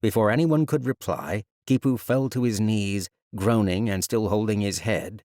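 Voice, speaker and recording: A man with a fairly low voice narrates a fantasy audiobook with measured, even storytelling. The recording is dry and close, as from a studio microphone. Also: no room sound.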